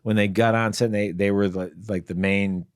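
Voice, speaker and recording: A man's voice: on the low side, steady tone, a little fast, clean tone, no echo, studio quality. A male podcast co-host and actor, telling rambling, hesitant anecdotes full of restarts. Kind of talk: casual podcast chat.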